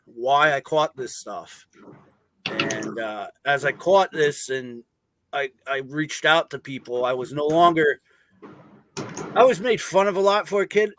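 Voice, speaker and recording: Fairly high in pitch, with slight background noise, this man's voice carries relaxed stories on a paranormal talk show. He's a guest who investigates the paranormal and performs as a clown, chatting casually and leaning heavily on "uh."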